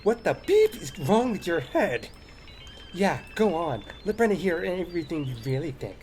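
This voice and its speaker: A man voicing a bratty, snappy teenage schoolgirl in a game reading, with mocking, sharp retorts. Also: high voice, sing-song, moderate pace, a little hiss or hum, voice pushed up. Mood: snapping.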